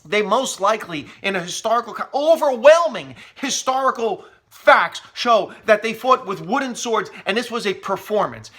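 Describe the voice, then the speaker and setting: A middle-aged man delivering a sarcastic, humorous rant, often mocking people in quoted asides. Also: high voice. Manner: sarcastic, animated, mock quotes. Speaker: commentator.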